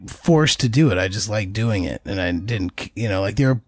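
A man's voice: fairly low pitch, animated, a little fast, a crowd in the background. A man co-hosting a podcast, joking and rambling in casual chat. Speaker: podcast co-host.

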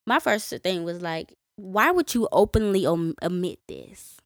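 A woman co-hosting a podcast, recounting stories in casual conversation with frequent fillers and quick asides. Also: fairly low pitch, expressive, dry recording, studio quality. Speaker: podcast co-host. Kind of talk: casual storytelling chat.

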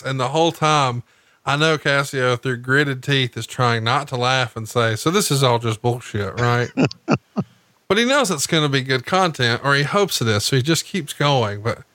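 A man with a bright, forceful voice tells stories in casual podcast chat, heavy with swearing and mocking put-on voices. His sound is dry and close. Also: medium pitch, normal speed, no room sound. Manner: profane, animated storytelling with mocking impressions.

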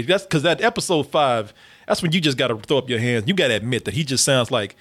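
A man's voice: mid-range voice, expressive, quick pace, fairly bright tone, slight background noise. An American man hosting a casual, profane comedy podcast, laughing often. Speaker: podcast host reviewing a series.

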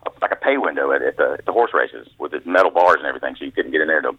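A man's voice: rumbling low, racing, slightly rough, dry recording. A man telling folksy stories as the author guest in an interview, heard over a phone line. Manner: folksy storyteller, acts out quoted voices. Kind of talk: storytelling interview. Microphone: phone call. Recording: tinny phone line, dry.

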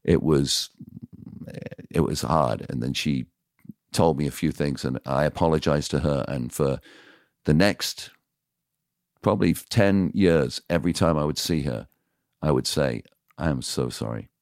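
Seasoned radio DJ as podcast guest, frank and animated, voices the people in his stories; rumbling low pitch, dead-dry room. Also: a little slow, long pauses, dry recording. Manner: animated, acts out quoted dialogue; frank, confessional. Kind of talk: casual storytelling in interview.

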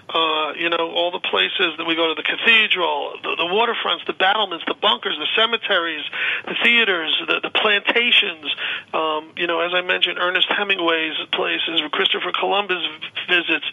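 A man with a high, very bright voice talks through his tours in an upbeat, rambling way, full of restarts. He comes through a dull, narrow phone line. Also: fairly even intonation, moderate pace, gravelly. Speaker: guest, paranormal tour organizer. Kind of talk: casual radio interview.

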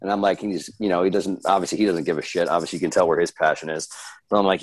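A man's voice: low-pitched, steady tone, racing, no room sound. A man talking as a podcast guest in a laid-back, casual way, swearing easily and joking at his own expense. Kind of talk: casual chat.

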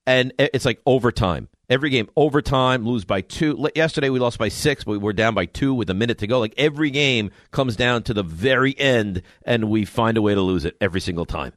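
A man's voice: mid-range voice, brisk, hardly any pauses, dry recording, studio quality. A man co-hosting a casual chat, telling self-mocking stories about coaching a youth basketball team. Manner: animated, self-mocking storytelling.

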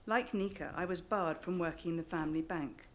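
A woman's voice: on the low side, a little fast. An English woman reading her memoir aloud to a live audience, with wry joking asides between passages. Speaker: author.

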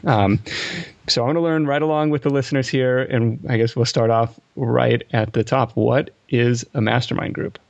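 A man's voice: mid-range voice, fairly even intonation, moderate pace, vocal fry, darkish tone, no echo, muffled recording. A man hosting a podcast in casual chat, talking in a chatty, self-deprecating way with plenty of fillers. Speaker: podcast host.

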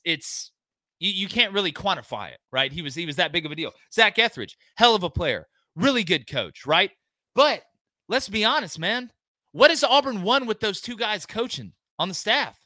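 A man as a guest sports analyst on a remote call, talking in an emphatic, folksy casual way and repeating words when excited. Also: sits high, no echo. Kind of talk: animated casual podcast talk.

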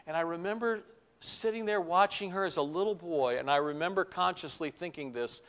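A man's voice: on the high side, fairly quick, a bit bright. An older man preaching a heartfelt testimony sermon, earnest and building to fervent appeals.

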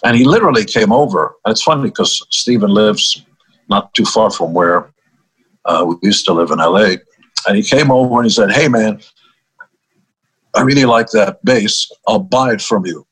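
A man's voice: lowish voice, normal speed, a bit bright, slightly rough, low-quality recording. An older man, a musician guest in an interview, telling stories in a wry, easygoing way and laughing at his own punchlines. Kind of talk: storytelling interview talk.

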